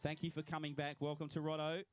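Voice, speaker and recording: A man's voice: fairly high pitch, completely flat delivery, quick pace, clean tone. Cheery Australian man commentating a finish. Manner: cheery, congratulating swimmers by name. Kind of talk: live event commentary.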